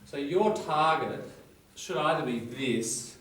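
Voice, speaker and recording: A man's voice: a little high, expressive, takes it slowly, noisy background. A man with an Australian accent teaching a class, chatty and digressive, explaining with everyday examples. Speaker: English teacher. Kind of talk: classroom lecture. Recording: echoey classroom, far mic.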